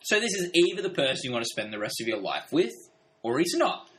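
A man's voice: medium pitch, fast. A man in casual conversation who laughs a lot and acts out scenes in funny voices. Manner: animated, laughs often, acts out quotes in voices. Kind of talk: casual podcast chat about a TV drama.

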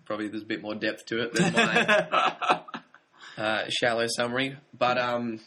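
A man co-hosting a casual film podcast, talking in a thoughtful, measured way with slight hesitations. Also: medium pitch, big pitch swings, pushed and bright. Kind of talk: casual film review chat.

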